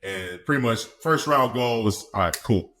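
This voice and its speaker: A young man, a guest on a podcast, telling a story in a relaxed, chatty way, often laughing and acting out what people said. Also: medium pitch, moderate pace, slight background noise. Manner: laid-back, laughs often, acts out quotes. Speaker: podcast guest, football player. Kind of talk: casual storytelling.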